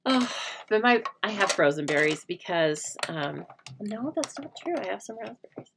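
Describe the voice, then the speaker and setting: With a medium-pitched voice full of vocal fry, a middle-aged woman chats her way through a crafting livestream amid background noise. She rambles, laughs frequently, and calls out to her viewers by name as she works.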